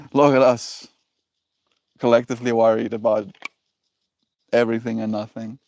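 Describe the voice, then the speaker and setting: A man's voice: mid-range voice, steady tone, unhurried, vocal fry, a little mellow. A man hosting a livestream who chats casually with viewers, rambling and reflective and laughing often. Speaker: livestream host.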